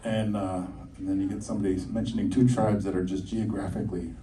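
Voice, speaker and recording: A man's voice: deep voice, level tone, quick pace, mellow, echoey room. A man doing stand-up comedy at a campus show, teasing the crowd in a chatty way full of "like". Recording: distant live stage recording with audience laughter. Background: audience laughing.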